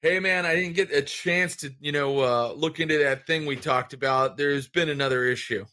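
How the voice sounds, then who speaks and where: A man's voice: a little high, moderate pace, bright, forceful tone. A man voicing a nervous young male friend who speaks urgently and repeats himself.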